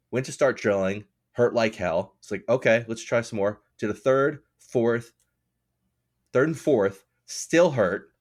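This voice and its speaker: Man, casual podcast chat, rambling storyteller, cursing, laughing. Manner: rambling storyteller, swears freely, laughs often; acts out other people's lines in a lower voice. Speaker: podcast co-host.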